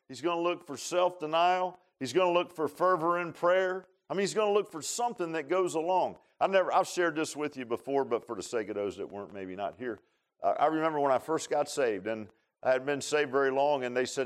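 A man preaching to his congregation in a relaxed, folksy way, leaning on homespun grammar and everyday asides. He tells a long personal story the way a country preacher might from the pulpit. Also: on the high side. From Northern Virginia. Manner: folksy storytelling with Southern-style colloquial grammar.

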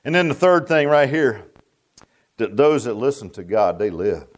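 A man's voice: medium pitch, very animated, normal speed. An older man preaching a fervent revival sermon, folksy and repetitive, often tossing out "huh?" to the congregation. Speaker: pastor.

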